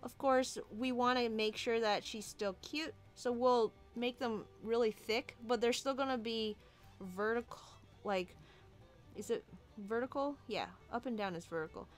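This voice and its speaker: A woman's voice: a little high, a little slow, faint music behind. A woman artist thinking aloud while she designs a character, musing and hesitant, with many fillers and restarts. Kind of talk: casual thinking-aloud commentary while drawing.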